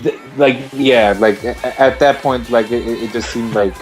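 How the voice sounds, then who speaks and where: Emphatic slangy podcast co-host. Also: male voice, medium pitch, fairly even intonation, normal speed, faint music behind. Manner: emphatic, slangy, repeats himself. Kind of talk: casual podcast chat.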